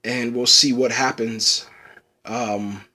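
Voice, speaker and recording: A man's voice: mid-range voice, fairly even intonation, takes it slowly, bright, forceful tone. A man reviewing a TV episode in casual, rambling talk, often saying "man", getting tearful as he speaks. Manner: rambling, says "man" a lot, restarts. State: tearful, choked up.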